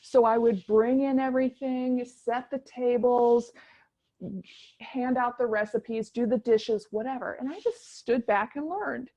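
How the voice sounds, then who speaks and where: A woman's voice: on the high side, a little slow. Chatty midwestern woman telling a story. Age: middle-aged. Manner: animated, chatty storyteller with many restarts. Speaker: guest chef. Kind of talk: casual interview storytelling.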